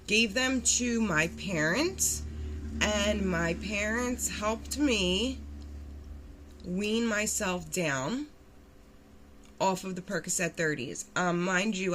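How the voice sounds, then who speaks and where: Blunt young woman, bright voice. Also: mid-range voice, slight background noise. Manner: blunt, animated retelling with acted-out quotes and swearing. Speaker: vlogger telling her recovery story. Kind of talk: candid storytelling.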